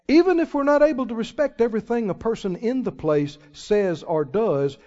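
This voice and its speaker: Folksy preacher, high lively voice. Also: male voice. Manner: folksy, emphatic preaching with sudden loud swells and drawn-out words. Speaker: pastor. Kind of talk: sermon. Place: church sanctuary. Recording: muffled recording in a reverberant church hall.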